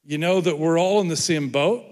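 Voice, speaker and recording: A man's voice: fairly high pitch, moderate pace, darkish tone. A man from Ireland with an Irish accent, preaching a sermon as a guest speaker in a chatty, self-deprecating, joking way. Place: large church hall. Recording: long hall reverb.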